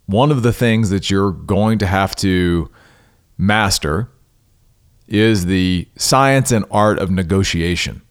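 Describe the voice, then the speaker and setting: A man hosting a solo business podcast, talking earnestly and emphatically, with restarts and side remarks. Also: lowish voice. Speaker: podcast host.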